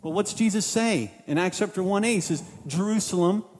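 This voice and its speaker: A man's voice: high voice, a little fast, darkish tone, long reverb tail. A man preaching a sermon as pastor, casual and conversational, voicing what the disciples might have thought.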